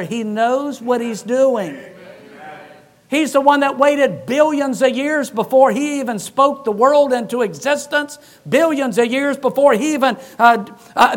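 A man, a pastor, preaching a sermon in a church with emphatic, repetitive phrasing and touches of humor. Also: very high-pitched.

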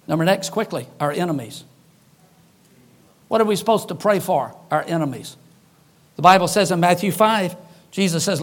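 Man, high-pitched, preaching, folksy humor, loud-then-soft emphasis. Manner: folksy, joking asides, shifts between loud emphasis and hushed lines. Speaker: pastor. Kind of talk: sermon.

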